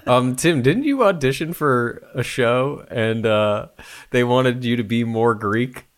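A man's voice: mid-range voice, animated, slow. A man co-hosting a casual podcast chat, teasing and offhand and loosely explaining things. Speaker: podcast co-host.

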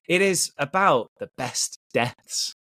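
A man's voice: a little high, animated, slow, pushed and bright, a little hiss or hum. A man hosting a podcast in casual banter, joking and laughing often. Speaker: podcast host.

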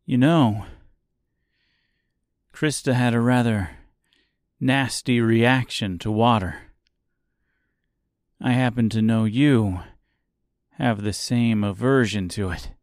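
A man's voice: mid-range voice, slow, long pauses, a little mellow, no echo, clean studio sound, natural voice. A man reading the lines of a determined, angry young woman who presses with terse questions, in an audiobook. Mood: demanding. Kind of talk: audiobook character voice.

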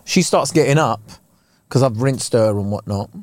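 A man, co-hosting a podcast and telling stand-up stories in a lively, swearing way, acting out the people he quotes. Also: moderate pace, no room sound. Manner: animated, swearing, acts out quotes with big pitch jumps. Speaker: podcast co-host and stand-up comedian. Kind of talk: casual storytelling chat.

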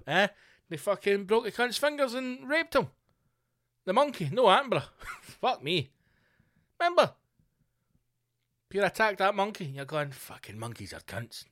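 A man hosting a podcast, telling stories in a profane, animated comic rant full of mock outrage. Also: on the high side. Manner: swears constantly, mock outrage. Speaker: podcast host. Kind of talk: comedic rant.

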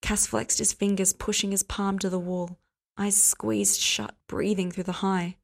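A woman who hosts a podcast, reading fiction aloud in a soft, hushed way. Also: mid-range voice, little pitch movement, unhurried, creaky. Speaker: podcast host and fanfiction reader.

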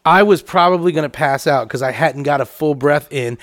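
High-voiced man telling a rambling profane story. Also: a little fast, a bit bright. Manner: profane, rambling, acts out quotes in a low mumble. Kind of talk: casual storytelling chat.

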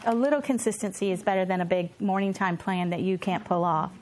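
A woman in her fifties talks through a conference session as a homeschooling mother. She is earnest and self-deprecating, starting sentences over as she goes. She also reads passages from a children's book aloud. Her voice sits at an ordinary middle pitch. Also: a little fast, darkish tone, slight background noise. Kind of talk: conference talk and read-aloud.

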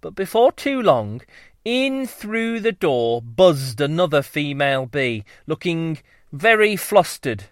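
Slow, lively man telling a bedtime story. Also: on the high side, no echo, clean studio sound. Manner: lively, playful, drawn-out delivery. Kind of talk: children's story narration.

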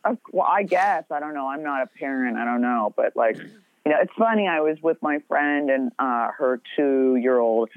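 A woman's voice: rumbling low, lively intonation, moderate pace, dry recording. A middle-aged woman in casual podcast chat, talking bluntly with lots of swearing and rambling asides. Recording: tinny phone-like sound.

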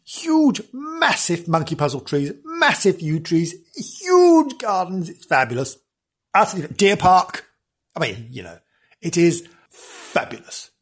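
Lively, theatrical man, slightly husky. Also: fairly high pitch. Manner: theatrical and gushing, with big exclamations and self-aware jokes. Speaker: podcast host. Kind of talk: chatty comic storytelling.

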